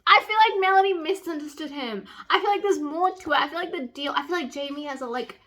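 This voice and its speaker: A young woman talks to her camera in a casual reading vlog. Her voice sits a little high and sounds bright and forceful. She swears freely, and her delivery lurches between loud outbursts and hushed whispers. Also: quick pace. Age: young adult. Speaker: book vlogger.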